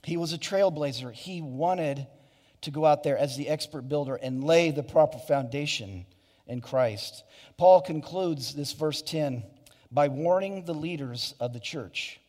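A pastor preaches to his church in the sanctuary, his slightly high, slightly slow, somewhat mellow voice carrying hall reverb. He is earnest, restarting often, wandering into asides and saying "you know" again and again.

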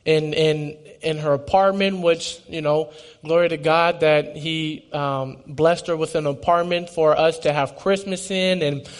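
Earnest young man, high voice. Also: steady tone, unhurried. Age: 20s. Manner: earnest and emotional, with frequent restarts. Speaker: speaker giving a testimony. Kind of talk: personal testimony talk.

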